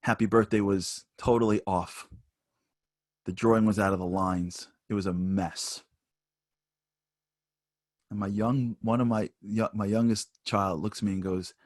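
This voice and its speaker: A man giving a spoken lesson at an online seminar, telling personal stories and growing higher and louder as he gets animated. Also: a little slow, long pauses, dry recording, clean studio sound. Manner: storytelling, rising higher and louder when animated.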